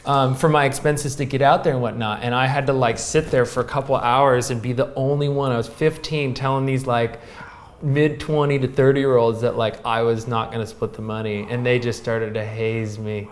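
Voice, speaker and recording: A man in his thirties, a guest in a casual interview, telling a story in a lively way with many fillers. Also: medium pitch, normal speed. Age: 30s. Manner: animated, laughing, filler-heavy storytelling. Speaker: guest, pro snowboarder.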